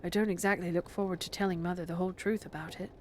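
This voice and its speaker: A woman's voice: fairly low pitch, fairly even intonation, rapid-fire, a little hiss or hum, lightly acted. A woman reading a sheepish young boy. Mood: uneasy.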